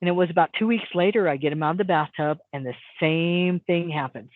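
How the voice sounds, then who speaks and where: Animated woman storyteller on a tinny line. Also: a little fast. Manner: animated, acts out quotes with big pitch jumps; repeats words as she restarts. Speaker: guest, hypnotist. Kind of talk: casual storytelling in an interview. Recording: dry tinny phone-like sound.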